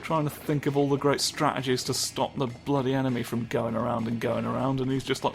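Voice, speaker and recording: A man's voice: mid-range voice, level tone, a little fast, creaky, hardly any pauses. A man giving casual, rambling commentary over his gameplay, joking and swearing often. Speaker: let's play host. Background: game music.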